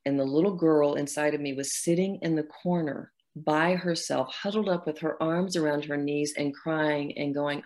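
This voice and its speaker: A woman's voice: deep voice, steady tone, moderate pace, hardly any pauses, darkish tone. A middle-aged woman, a guest author in an interview, talking earnestly about her own healing and acting out her inner dialogue. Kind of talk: reflective interview talk.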